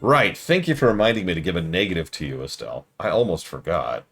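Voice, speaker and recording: A man streaming a game review, rambling through jokey riffs with deadpan asides. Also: low voice, fast, husky, soft background music. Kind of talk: casual livestream commentary.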